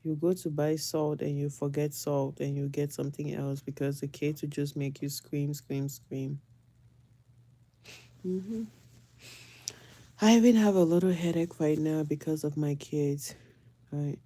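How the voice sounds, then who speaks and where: A woman's voice: low-pitched, measured pace, long pauses, dark tone. A woman, a mother, chatting casually to camera, repeating phrases for emphasis and often breaking into laughs. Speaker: vlogger and mother.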